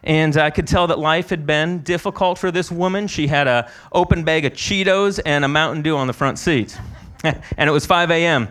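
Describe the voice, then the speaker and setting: A man's voice: a little high, normal speed, a bit bright. A man preaching a sermon at a conference, telling stories in a conversational way, with frequent restarts. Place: conference hall.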